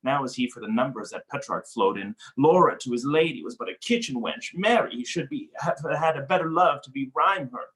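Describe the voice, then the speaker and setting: A man reading the part of a witty, mocking young nobleman in a cold read of a stage play over a video call, with playful, animated delivery. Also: mid-range voice, a little fast, few pauses, lightly acted. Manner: playful, teasing, animated wordplay.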